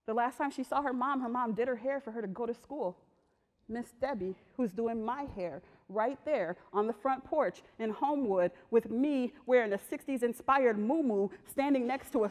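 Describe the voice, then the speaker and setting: A woman artist giving a talk, telling personal stories in a lively, slangy way. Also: on the high side. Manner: lively, slangy storytelling that acts out voices. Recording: long reverb of a large hall.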